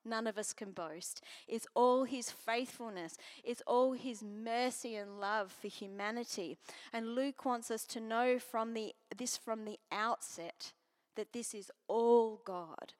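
A woman preaching a sermon and reading scripture, earnest, moving from strong emphasis to soft near-whispers. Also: fairly high pitch, slow. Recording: long hall reverb.

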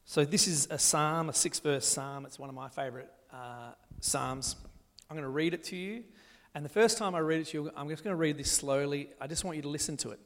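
A man preaching a sermon, talking his congregation through scripture reading and reading a psalm slowly and gently. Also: on the high side. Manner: gentle, slows down to read scripture aloud. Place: church hall. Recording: long echo of a large hall.

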